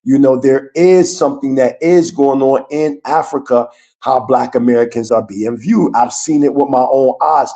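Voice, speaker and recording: A man's voice: mid-range voice, normal speed, mellow. A man who is a guest on a livestreamed chat, talking earnestly, rambling and searching for words.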